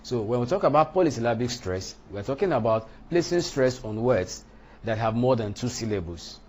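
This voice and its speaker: A man teaching a lesson on English word stress, speaking deliberately and punching out example words. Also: medium pitch, animated, a little mellow, a little hiss or hum. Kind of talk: lecture on English pronunciation.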